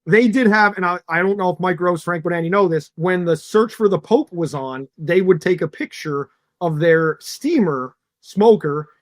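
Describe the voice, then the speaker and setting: High-voiced joking sports host. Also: male voice, no echo. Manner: jokey, quick asides. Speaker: podcast host. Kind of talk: casual sports talk.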